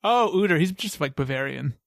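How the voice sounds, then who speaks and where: A man with a somewhat high voice hosts a casual podcast chat. He jokes and laughs often as he talks. The sound is dry and close, with no room around it. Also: lively intonation, fairly quick, vocal fry, no room sound. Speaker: podcast host.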